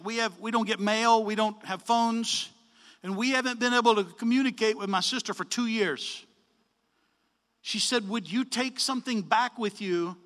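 A man telling a story in a sermon, animated, acting out the dialogue with changes of voice. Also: sits high, in a large hall. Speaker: preacher.

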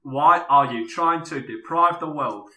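A man's voice: on the high side, measured pace, far from the mic, background noise. Wry man in an echoey room. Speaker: podcast co-host. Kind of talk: casual comedy podcast chat.

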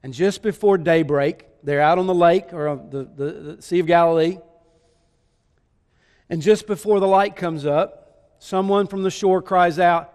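High-voiced preacher telling a story. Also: male voice, fairly even intonation, moderate pace, in a large hall. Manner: storytelling, with rhetorical questions. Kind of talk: sermon.

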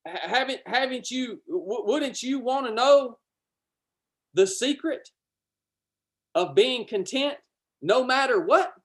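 A man with a drawl delivers a livestreamed sermon. He preaches with fervor, repeating key lines, climbing to loud declarations, then easing into chatty asides to his viewers. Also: very high voice, lively intonation, takes it slowly, long pauses. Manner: fervent, repetitive, swells loud then drops to casual asides.

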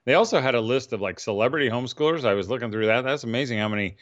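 A man's voice: mid-range voice, rapid-fire, a bit bright, muffled recording. A man co-hosting a podcast, telling rambling stories in casual chat and laughing often. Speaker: podcast co-host.

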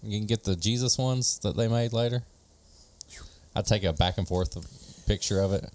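A man with a fairly low voice, chatting casually on a podcast. He sounds keen but trips over himself, full of fillers and restarts. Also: moderate pace, darkish tone, a little hiss or hum. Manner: enthusiastic, hesitant with fillers and restarts. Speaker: podcast co-host. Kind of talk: casual chat.

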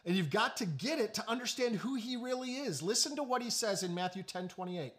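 A male pastor preaching a sermon in a high voice that swings widely in pitch. He leans into slow, hushed emphasis, then breaks into quick joking asides. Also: animated.

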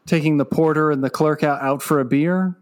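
A man co-hosting a podcast, trading dry, deadpan jokes in casual chat. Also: a little high, brisk. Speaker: podcast co-host.

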